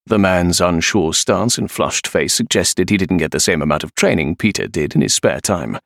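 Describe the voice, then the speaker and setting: A man narrating an adventure story in an expressive, animated way. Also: deep voice, normal speed, vocal fry, dry recording, studio quality. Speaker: audiobook narrator. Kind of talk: scripted narration.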